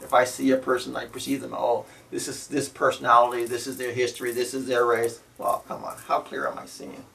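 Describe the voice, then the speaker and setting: Gravelly-voiced man giving a spiritual talk. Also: mid-range voice, level tone, a bit bright. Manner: tags phrases with "See?" and "You know"; slow, deliberate and repetitive. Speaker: spiritual teacher. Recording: voice from a distance to the mic.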